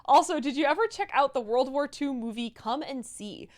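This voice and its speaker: A woman's voice: high-pitched, lively intonation. A woman co-hosting a casual livestream, reading viewer messages aloud and chatting with a laugh. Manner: reads donor messages aloud with quick laughs.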